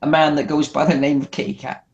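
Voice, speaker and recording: A man's voice: fairly high pitch, flat delivery, fast, creaky, darkish tone, dull audio. A man in casual podcast chat, telling stories animatedly, swearing freely. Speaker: wrestler guest.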